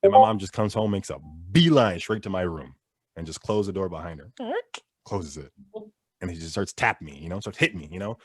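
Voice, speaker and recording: A man performing a stand-up comedy set, telling family stories with lively, swinging delivery. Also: fairly quick, husky, no echo, studio quality. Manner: animated storytelling with wide pitch swings.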